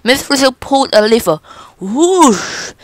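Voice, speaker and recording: Slow, dry storybook reading by a woman. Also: sits high, very animated, no room sound, rough recording. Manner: slow, careful read-aloud delivery. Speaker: storybook reader. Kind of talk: reading a children's book aloud.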